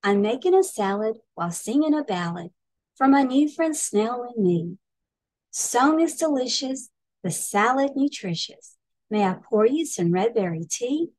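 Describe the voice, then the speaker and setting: A woman reading aloud and voicing a gentle, brave female slug in a storybook. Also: mid-range voice, animated, normal speed, hardly any pauses, lightly acted.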